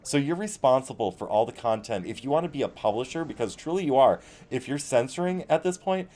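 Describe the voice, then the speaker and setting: A man's voice: medium pitch, animated, brisk, warm tone. A man hosting a casual live-stream chat, ranting bluntly with swearing. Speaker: show host.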